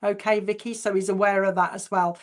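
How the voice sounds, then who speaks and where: This spiritualist medium keeps things chatty and informal as she passes on clairvoyant messages during a church service. She speaks in a mid-range voice that barely moves in pitch. Messages come through slowly, repeated as she relays them.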